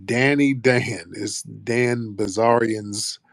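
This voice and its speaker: Speaking slowly in a fairly low, gravelly voice with fairly even intonation, an American man hosts an online audio show. His chat is casual, playful, and full of profanity, recorded in a clean studio with no echo.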